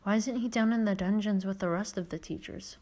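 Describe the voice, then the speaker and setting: A woman's voice: mid-range voice, steady tone, fairly quick, mellow, natural voice. A woman reading aloud, voicing a curious, earnest eleven-year-old boy in a storybook. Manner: earnest, questioning.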